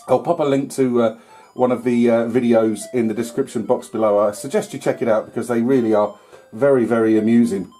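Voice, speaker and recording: Man, retro game commentary, mellow warm tone, rambling with fillers, faint chiptune music behind. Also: medium pitch, steady tone, fairly quick. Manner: rambling, filler-heavy, mild swearing. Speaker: retro gaming YouTuber. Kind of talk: casual gameplay commentary.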